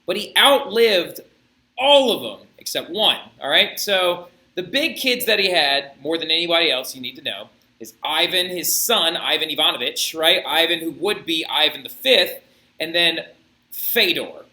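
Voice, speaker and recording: A man teaching a history lesson, telling it as an animated story and checking in with "right?". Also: on the high side, moderate pace, reverberant, rough recording. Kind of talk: classroom history lecture.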